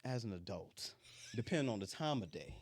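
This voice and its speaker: A man in his thirties, hosting a casual chat and telling stories in an animated, colloquial way. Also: on the low side, fairly quick, dry recording. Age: 30s.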